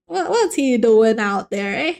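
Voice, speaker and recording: Drawing on a live stream, a young woman jokes around with her chat, playful and animated, and keeps restarting what she's saying. Her voice is on the high side and creaky, with a measured pace.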